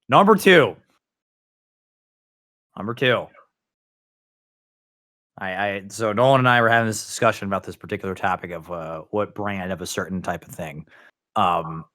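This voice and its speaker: A man's voice: low-pitched, a bit bright. A young man hosting a podcast, chatting casually and joking playfully. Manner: playful, quick to joke and tease. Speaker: podcast host.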